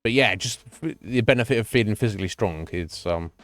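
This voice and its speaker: A man's voice: lowish voice, expressive, fairly quick, a bit bright, no room sound, soft background music. A man chatting casually on a gaming stream at home, rambling and swearing freely. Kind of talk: casual chat while gaming.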